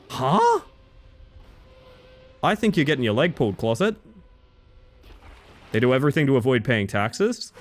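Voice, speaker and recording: Chatty male streamer, lively pitch. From Isle of Man and Australia. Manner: chatty, jokey, reacting to chat. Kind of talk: casual gaming commentary.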